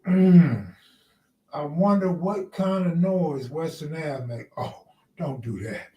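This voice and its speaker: A man hosts a casual live stream, trading loose, joking banter with his chat. His voice sits slightly high. He is heard from a distance with a roomy echo. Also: lively intonation, takes it slowly, dark tone, lo-fi sound. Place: outdoors near the ocean.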